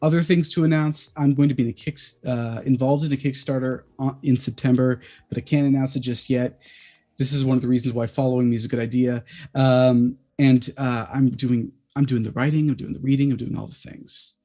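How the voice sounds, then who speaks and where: Man, guest on a streamed chat show, energetic, mid-pitched voice. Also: brisk.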